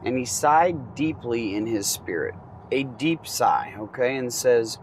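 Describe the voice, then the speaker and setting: Male Bible teacher, conversational and unhurried, recorded outdoors with faint traffic behind. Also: mid-range voice, low-quality recording. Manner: relaxed, conversational, many ums and asides. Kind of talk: casual Bible reading and commentary.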